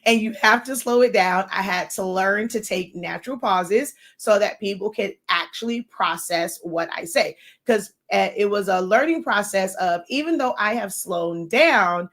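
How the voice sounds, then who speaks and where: A middle-aged woman hosting a casual livestream, fast-talking and long-winded, working to slow herself down. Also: medium pitch, a bit bright. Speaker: livestream host and creative instructor. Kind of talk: casual live-stream talk.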